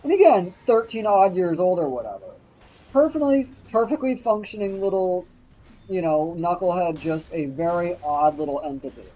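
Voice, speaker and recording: A man tells a meandering story on a stream, swearing nonstop and bringing it to life with quoted voices. His voice is high-pitched at normal speed, and the recording is rough.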